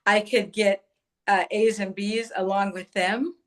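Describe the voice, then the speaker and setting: A woman appearing as a guest author in an interview, speaking in a thoughtful, explanatory way with "uh" pauses. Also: mid-range voice, steady tone, fairly bright tone. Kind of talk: interview conversation.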